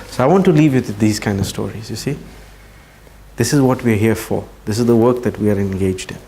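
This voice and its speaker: Guy with a low mellow voice telling a story to a crowd, slow and soft at times, faint hiss behind. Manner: unhurried storyteller, drops to near-quiet at emotional moments. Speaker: speaker at a training session. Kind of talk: storytelling talk to an audience.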